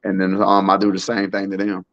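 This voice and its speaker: A man's voice: low voice, fairly quick, dry recording, lo-fi sound. A man from Alabama, a private chef telling stories in a laid-back, casual way. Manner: laid-back, relaxed storyteller. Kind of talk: casual storytelling chat.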